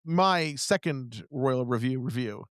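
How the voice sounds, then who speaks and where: A man guesting on a podcast, talking in a casual, rambling and self-mocking way with a high-pitched, nasal voice. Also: expressive, takes it slowly, no echo, studio quality. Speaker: baseball analyst guest.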